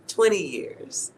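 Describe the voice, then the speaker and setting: A man's voice: slight background noise, poor audio. A man giving a casual, blunt tarot reading to his viewers, laughing at himself and swearing now and then. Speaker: tarot reader.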